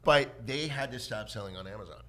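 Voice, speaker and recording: A man's voice: medium pitch, fairly quick, a bit bright. A man co-hosting a casual podcast chat, telling anecdotes and acting out quoted voices. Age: adult with a son. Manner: storytelling, acts out voices in quotes. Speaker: podcast co-host.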